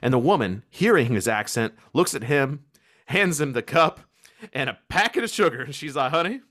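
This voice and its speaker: A man's voice: mid-range voice, moderate pace. A man in his twenties from Kentucky with a slight country accent, co-hosting a podcast and telling stories in a casual chat, laughing often. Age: 20s. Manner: animated storytelling, laughs often. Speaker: podcast co-host.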